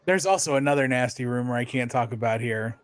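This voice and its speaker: A man in a casual podcast chat, opinionated and quick with short replies. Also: medium pitch, smooth.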